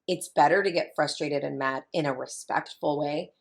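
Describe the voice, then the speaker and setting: A woman's voice: sits low, moderate pace, gravelly. A woman in her thirties, a family consultant, talking in a chatty, emphatic way and repeating her key points as a guest in an interview. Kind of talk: casual interview talk.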